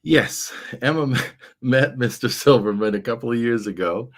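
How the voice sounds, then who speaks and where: A man's voice: mid-range voice, moderate pace. A man hosting a casual livestream chat, rambling along with frequent fillers. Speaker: livestream show host.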